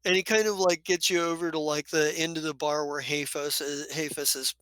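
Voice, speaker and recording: A man running a tabletop game as game master, describing scenes in a loose, rambling way. His voice is bright and clear, a little raised in pitch, and recorded dry and close. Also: steady tone, a little fast, no room sound.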